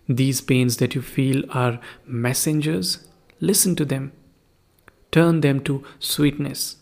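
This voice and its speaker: A man's voice: medium pitch, vocal fry, darkish tone. A man voicing a poor, pious husband who lectures his wife in a sermonizing way.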